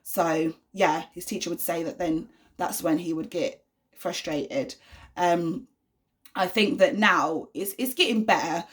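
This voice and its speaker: Chatty young mum, lowish voice. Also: female voice, unhurried. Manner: chatty, many fillers and "do you know what I mean". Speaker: vlogger, mother of an autistic son. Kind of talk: casual talk to camera.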